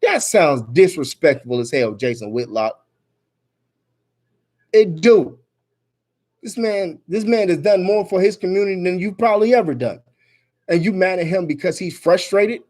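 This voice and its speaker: A man's voice: high voice, lively intonation, moderate pace, pauses often. A man reads a news story aloud and rants about it in an angry, emphatic voice full of swearing. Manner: angry, emphatic, swearing, rising to near-shouts. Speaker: vlogger commenting on news. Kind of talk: reading news aloud and ranting.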